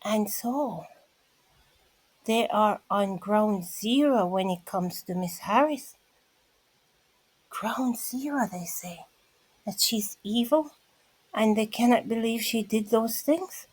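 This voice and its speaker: A woman's voice: mid-range voice, slow pace, no room sound, low-quality recording. A woman vlogger giving a casual commentary monologue, emphatic and repetitive, speaking straight to her listeners.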